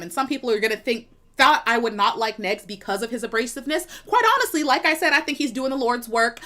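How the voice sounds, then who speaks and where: A woman's voice: on the high side, a bit bright. Sassy, emphatic woman streamer. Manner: sassy, emphatic, laughs and repeats herself. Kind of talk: casual commentary rant.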